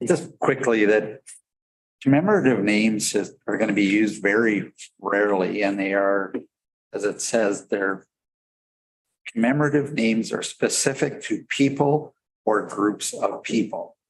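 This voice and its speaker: A man councillor in a council chamber, speaking in a hesitant, measured way with frequent restarts. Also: lowish voice, slight background noise, poor audio. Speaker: city councillor. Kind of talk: council debate.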